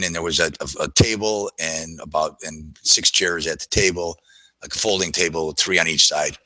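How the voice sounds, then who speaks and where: A low-pitched man tells a long personal story in a loose, rambling way, stopping and restarting often. His voice is bright and forceful, and the recording is dry and close with no room sound. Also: steady tone, moderate pace, dry recording, rough recording. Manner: rambling, with frequent fillers and restarts. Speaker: trader telling a story to an audience. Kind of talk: casual storytelling.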